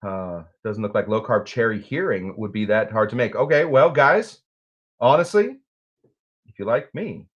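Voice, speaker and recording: A man with a lowish, expressive, slightly rough voice speaks at normal speed, and the recording has its highs cut off. He hosts a live cocktail show, chatting casually, joking, rambling between topics, and reading out viewer comments.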